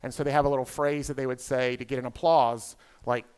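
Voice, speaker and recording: A man in his fifties with a Southern US accent, emceeing a conference as a comedian with quick, playful crowd work. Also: mid-range voice, level tone, a little mellow, clean tone. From South Carolina. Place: conference hall stage.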